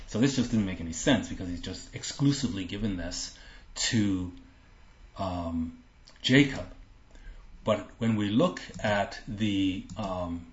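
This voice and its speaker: Man, sermon, earnest and emphatic, repeats phrases, lowish voice, muffled lo-fi sound. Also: unhurried. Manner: earnest, emphatic, repeats himself, acts out the quoted characters. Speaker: Bible teacher. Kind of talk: sermon, reading and explaining scripture. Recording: roomy, dull lo-fi recording.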